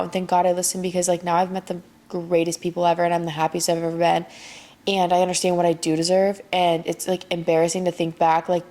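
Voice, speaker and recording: A woman's voice: on the low side, darkish tone. A young woman hosting her own podcast, chatting casually and encouragingly about faith, tired late at night and leaning on "like" a lot. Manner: faith-driven motivational talk, heavy use of "like". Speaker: podcast host. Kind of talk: casual solo podcast chat.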